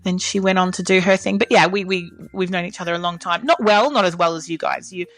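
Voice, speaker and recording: A woman's voice: lowish voice, fast, a bit bright. A woman co-hosting a podcast, an opera soprano chatting in a playful, mischievous way. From Australia. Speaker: podcast co-host, opera singer. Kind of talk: casual chat.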